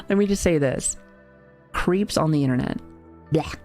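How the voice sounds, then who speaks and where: A woman's voice: low-pitched, measured pace, darkish tone, soft background music. A woman in her thirties streaming live, talking casually to her chat with lots of swearing and joking. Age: 30s. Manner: profane, joking, chatty with frequent laughs.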